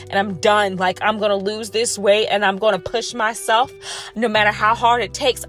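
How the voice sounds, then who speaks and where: A woman's voice: mid-range voice, a bit bright. A woman giving a fired-up motivational monologue about weight loss, calling her listeners y'all.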